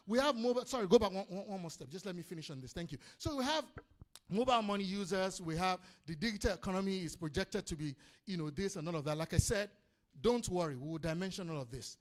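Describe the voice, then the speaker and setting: In a conference hall before an audience, a business speaker with a Nigerian accent and a high voice gives an energetic seminar talk. He calls out to the crowd and repeats his points.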